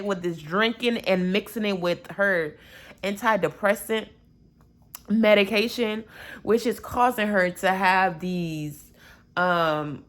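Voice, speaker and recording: A young woman recapping a reality show episode in a chatty, gossipy way, with sarcastic asides. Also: medium pitch.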